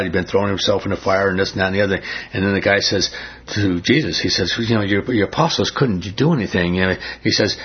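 A man with a lowish, husky voice leads a small Bible study. He talks in a conversational way, quizzing the group and retelling scripture in plain speech. The recording is muffled and lo-fi. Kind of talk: informal Bible study teaching.

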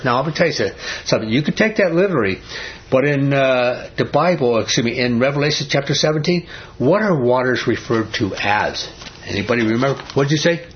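A man's voice: medium pitch, expressive, brisk. Male preacher teaching a Bible study, emphatic and questioning, captured on a dull lo-fi recording. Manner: emphatic, repeats "I'm telling you", asks the listeners questions.

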